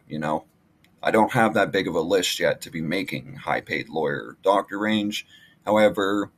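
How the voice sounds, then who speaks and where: Man, low voice, casual vlog talk, rambling, lots of ums and restarts. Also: breathy edge. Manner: rambling, many fillers and restarts. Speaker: online marketing vlogger. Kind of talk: casual screen-share walkthrough.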